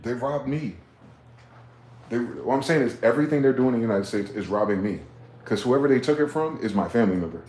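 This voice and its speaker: A man talking in a rambling, profane late-night monologue, swinging from loud outbursts to low muttering. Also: lively intonation, brisk, roomy sound, a little hiss or hum. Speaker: vlogger.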